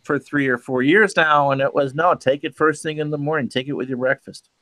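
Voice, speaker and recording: A man joking and teasing his way through a casual online chat. His voice is bright and slightly high, recorded close and dry with no room sound. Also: fairly quick, no echo. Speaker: regular chat participant.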